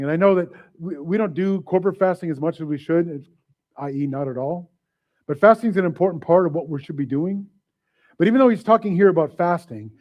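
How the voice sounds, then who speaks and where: A man's voice: sits high, a little mellow. A man preaching a sermon as pastor, casual and joking, often acting out little voices and asides. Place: church service.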